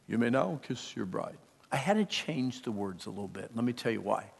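A middle-aged man preaching a sermon, emphatic, moving from hushed, intimate lines to loud bursts, with storytelling asides. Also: mid-range voice, animated, a little fast, vocal fry, husky, in a large hall. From Pennsylvania.

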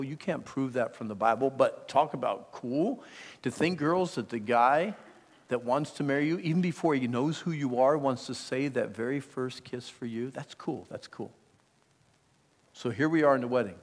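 A middle-aged male preacher with a gravelly, fry-laden voice, delivering an emphatic sermon. He drops to near-hushed confiding tones, then surges loud. His words ring out with the long reverb of a big hall. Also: medium pitch. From Pennsylvania.

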